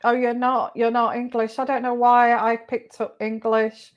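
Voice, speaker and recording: A woman's voice: on the high side, flat delivery, normal speed, highs cut off. A woman doing a live-stream tarot reading. She greets viewers by name and repeats their questions aloud in a chatty way. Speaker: tarot reader.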